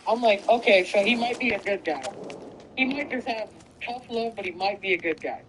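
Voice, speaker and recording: A woman streamer casually recounts a story while she plays, swearing freely and acting out the lines of each character. Her voice sits in a middle pitch. A faint hiss of noise runs underneath. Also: moderate pace. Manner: animated retelling with lots of swearing and acted quotes. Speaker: gaming streamer.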